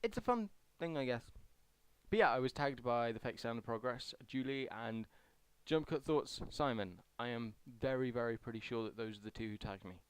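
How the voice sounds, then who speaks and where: A man's voice: medium pitch, animated, moderate pace, clear, resonant tone, dry recording. Young guy rambling through a survey vlog, chatty and self-mocking, resonant voice. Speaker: YouTuber. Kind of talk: casual vlog answering a survey.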